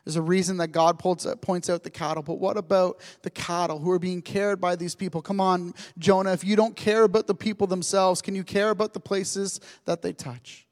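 High-voiced pastor in a reverberant church. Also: male voice, a little fast, few pauses. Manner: animated storytelling, acts out dialogue. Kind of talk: sermon. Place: church sanctuary.

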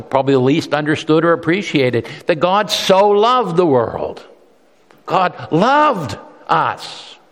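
A male pastor preaching a sermon in an earnest, emphatic way, often repeating words as he restarts. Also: medium pitch. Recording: long reverb from a large hall.

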